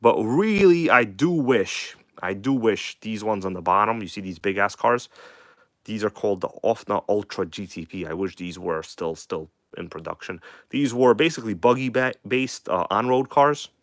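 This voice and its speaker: A man with a slight accent hosting a casual live stream, chatting loosely, swearing now and then and reading magazine text aloud in a halting way. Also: lowish voice, lively intonation, a bit bright, no room sound, clean studio sound. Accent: non-native English accent. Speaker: host of a live RC car stream. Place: home workshop in Queens.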